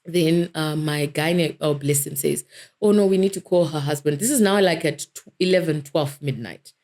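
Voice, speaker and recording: Woman in her thirties, interview guest; lower-pitched voice, animated storyteller. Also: normal speed. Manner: vivid, animated storytelling, self-described vocal. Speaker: guest, dentist.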